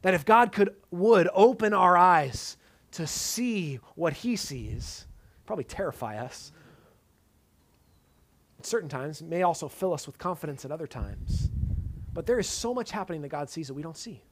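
A man preaching a sermon in an earnest tone, dropping to soft emphatic lines and casual asides. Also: a little high, animated, moderate pace.

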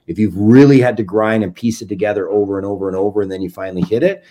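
Lively low-voiced man telling stories. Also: racing. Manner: animated, acts out quoted dialogue. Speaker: documentary filmmaker guest. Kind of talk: casual interview storytelling.

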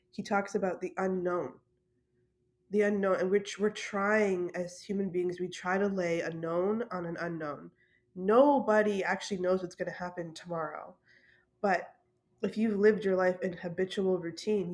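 A woman from Canada telling a story in a casual monologue, laughing often and swearing casually. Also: on the low side. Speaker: podcast host.

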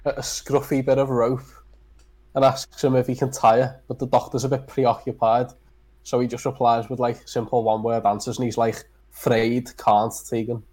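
A man's voice: medium pitch, level tone, a little fast, darkish tone, husky. A man with a mid-range voice tells joke stories in casual podcast chat. He acts out each line of dialogue as he goes. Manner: storytelling, acting out dialogue.

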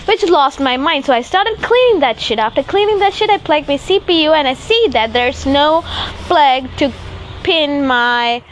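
A woman's voice: high-pitched, moderate pace, a little hiss or hum. Chatty young woman venting. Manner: animated, swears casually, acts out quoted voices. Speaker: vlogger. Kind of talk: rambling storytime vlog. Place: rooftop at night.

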